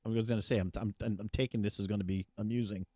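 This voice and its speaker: A man's voice: fairly low pitch, fairly even intonation, mellow, dry recording, studio quality. A male podcast co-host in casual banter, dropping wry, joking comebacks. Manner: wry, quick joking reactions.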